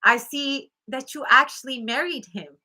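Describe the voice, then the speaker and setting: A shrewd, wealthy older mother-in-law speaks with cool, blunt confidence, as a woman puts her on. The voice sinks lower and softer as she advises. The tone stays bright and sharp. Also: normal speed, exaggerated voice. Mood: cool, confiding.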